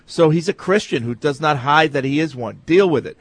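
A man's voice: a little high, fairly quick, fairly bright tone, no room sound. Easygoing man reading listener emails. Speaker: sports talk co-host reading listener emails. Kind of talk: casual sports talk, reading emails aloud.

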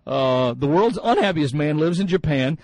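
A man's voice: a little high, expressive, moderate pace, darkish tone, no echo, rough recording. A man hosting a sports talk radio show, musing in a chatty way with many fillers and restarts.

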